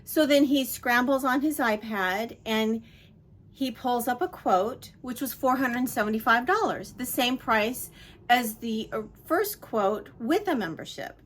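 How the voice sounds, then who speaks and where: Venting about an annoying episode, a middle-aged woman rambles and apologizes in a casual vlog recorded on a handheld phone at arm's length. Her voice is a bit high and animated, at a measured pace.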